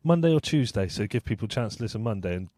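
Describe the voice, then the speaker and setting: A man's voice: lowish voice, animated, very fast, dark tone, dry recording, clean studio sound. A man co-hosting a podcast, easygoing and agreeable, chuckling as he tells anecdotes. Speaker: podcast co-host. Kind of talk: casual chat.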